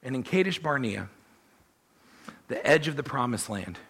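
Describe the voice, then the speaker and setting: A man preaching a sermon, telling the story in an animated way and voicing the people he quotes. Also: medium pitch, moderate pace, slightly rough. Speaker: pastor.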